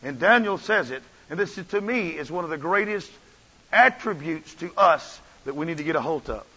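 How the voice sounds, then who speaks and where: A man's voice: on the high side, animated, moderate pace, bright, forceful tone, husky. A man preaching a sermon as pastor, with an impassioned, repetitive cadence. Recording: dull audio with long church reverb.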